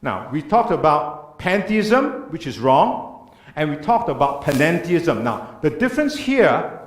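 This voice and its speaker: A man's voice: a little high, big pitch swings, a little slow. A man giving an earnest church talk, lecturing emphatically and asking rhetorical questions. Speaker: speaker. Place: church hall. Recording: echoey church room.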